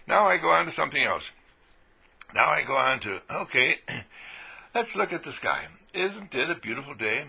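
A man giving an exuberant motivational talk on radio, swinging between hushed and loud and laughing often. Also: a little high, sing-song, normal speed, gravelly, husky. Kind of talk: animated motivational monologue.

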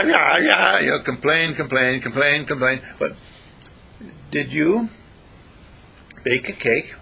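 Husky, animated man telling folksy stories. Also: medium pitch. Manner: animated storyteller acting out quoted voices. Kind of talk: casual advice monologue.

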